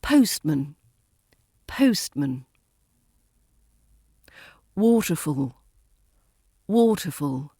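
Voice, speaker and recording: Slow-speaking British woman teaching pronunciation. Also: medium pitch, dark tone, dry recording, studio quality. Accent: southern British English, RP. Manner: slow, deliberate, repeats each example word. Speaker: accent coach. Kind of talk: pronunciation lesson.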